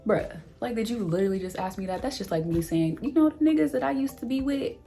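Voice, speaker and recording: A young woman vlogger telling a dating story in an animated, exasperated way, acting out the lines of both people. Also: a little high, fast, soft background music. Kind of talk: storytime vlog.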